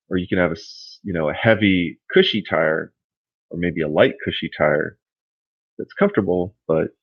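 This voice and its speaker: A man hosting a casual livestream, rambling and thinking out loud as he answers his chat. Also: deep voice, husky, no echo, highs cut off. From California.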